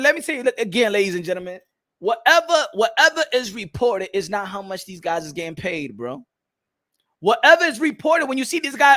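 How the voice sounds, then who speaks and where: A boxing host on a live stream with a very high, bright and forceful voice. He rants in an animated, profane way, stumbling into restarts and firing off rhetorical questions. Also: brisk. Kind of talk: live-streamed ranting commentary.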